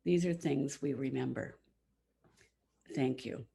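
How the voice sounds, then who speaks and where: A woman's voice: a bass voice, slow pace, creaky, mellow, slight background noise. A woman in her seventies telling a heartfelt personal story to all ages at a church service. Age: 70s. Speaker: congregation member telling a children's story.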